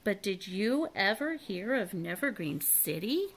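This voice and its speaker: An eager, brave little boy from a storybook, chirpy and keen, as a woman reads him aloud. He speaks a little higher and brighter than the storyteller. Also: big pitch swings, unhurried, a little hiss or hum. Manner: bright and eager, lifted pitch.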